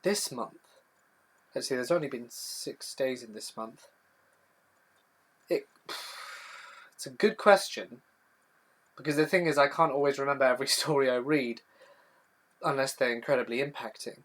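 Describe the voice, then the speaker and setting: A man's voice: medium pitch, a little slow, long pauses, fairly bright tone. A young man hosting a live stream, chatty as he reads viewer questions from the chat and answers them one by one. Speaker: horror storytelling channel host.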